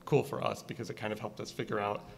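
Brief: East Coast man, gravelly voice, rambling filmmaker chat with lots of likes, echoing hall. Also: lowish voice, fairly even intonation, slight background noise. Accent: East Coast American. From Connecticut. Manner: halting, many fillers and likes. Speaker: filmmaker discussing his film. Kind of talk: casual conversation at a screening. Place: art gallery. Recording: reverberant gallery space.

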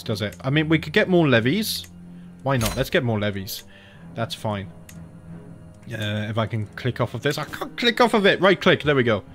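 An Australian man streaming a strategy game, chatting casually, thinking aloud and muttering as he clicks through menus. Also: mid-range voice. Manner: chatty, thinks aloud, mutters and self-corrects, frequent mild swearing. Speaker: gaming streamer. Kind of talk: casual live-stream commentary while playing a strategy game.

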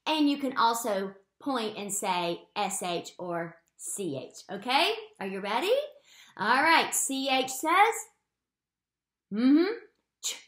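Woman teacher, high voice, playful and slow, drawing out phonics sounds for small kids; recorded in an echoey room. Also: fairly bright tone. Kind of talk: phonics lesson for young children.

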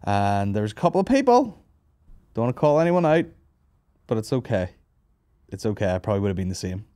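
Guy hosting a comedy podcast, lowish voice, swears a lot, really dry sound. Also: brisk, no room sound. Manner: swearing, animated storytelling, laughing asides. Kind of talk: casual banter.

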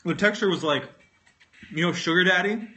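A man's voice: high voice, moderate pace, sharp tone. Rambling, swearing young man eating on stream. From North Carolina, US. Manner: rambling, self-mocking, swears freely, talks with food in mouth. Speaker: livestreamer. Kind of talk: casual livestream chat while eating. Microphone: phone.

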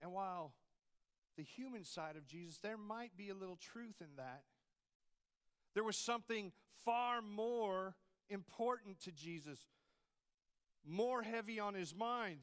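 A man's voice: high-pitched, lively intonation, measured pace, long pauses, fairly bright tone, smooth. A man preaching a sermon as campus pastor, in a conversational style with frequent rhetorical asides to the congregation.

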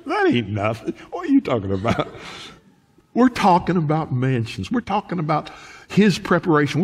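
A middle-aged man, preaching a folksy sermon as pastor of his church. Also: on the high side. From United States. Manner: lively, folksy preaching with laughs and quoted asides. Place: church sanctuary.

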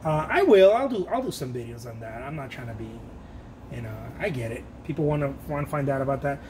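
A man's voice: medium pitch, lively intonation, fast, darkish tone, slight background noise. A man talking casually while he paints, rambling, joking about himself and laughing often. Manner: self-mocking and playful. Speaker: painter hosting his own art channel.

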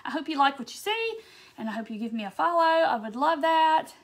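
Southern woman, high voice, bubbly, greets viewers one by one, casual craft live stream. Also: big pitch swings, a little fast. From Mississippi, US. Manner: bubbly, greets viewers by name, frequent "um"s and laughs.

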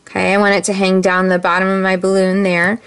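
A woman demonstrating a card-making craft step by step, chatty and relaxed, with frequent ums. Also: medium pitch, brisk, smooth. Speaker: stamping demonstrator. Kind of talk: casual craft tutorial.

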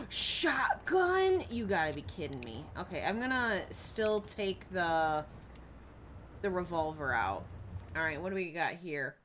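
A young woman's low-pitched, expressive voice, fairly bright in tone, carries her live commentary on a horror game stream at a measured pace. Jumpy and talkative, she chats with viewers and yelps at the scares. There is a little hiss or hum in the audio.

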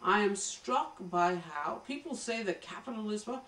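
A woman's voice: mid-range voice, animated, a little slow, fairly bright tone. An American woman giving an emphatic political commentary monologue, lecturing and addressing her viewers directly. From United States. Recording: roomy echo, voice from a distance.

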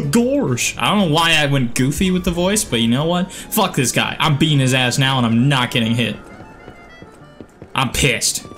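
A man giving gameplay commentary, excitable, yelping and swearing at the game. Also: medium pitch, normal speed, faint music behind. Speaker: gaming channel host.

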